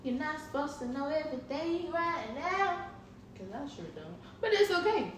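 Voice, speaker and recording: Woman, casual podcast co-host, relaxed and reflective, far from the mic, echoey room. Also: high-pitched, moderate pace. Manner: relaxed, reflective, laughs easily. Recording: echoey room from a distance with noise.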